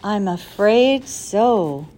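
A woman voicing a kindly, cautious older male professor, speaking in a measured, earnest way. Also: medium pitch, lively intonation, dark tone. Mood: grave.

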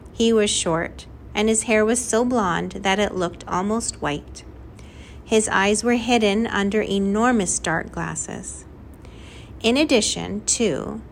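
A woman reading a children's novel aloud as narrator, in a clear, lively storytelling manner. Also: mid-range voice, slight background noise. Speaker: audiobook narrator. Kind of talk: scripted narration.

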